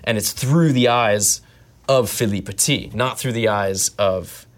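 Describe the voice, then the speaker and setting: Actor guy being interviewed, low-ish voice, thinks out loud, lively, restarts a lot. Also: a little slow. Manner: animated, thoughtful, trails off and restarts. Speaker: actor guest. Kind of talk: conversational interview.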